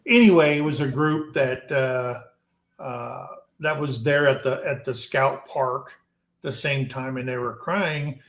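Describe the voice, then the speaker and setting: An American man hosting a casual live-stream chat, telling long stories in a rambling, unhurried way. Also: mid-range voice, fairly bright tone, roomy sound. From United States. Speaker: host.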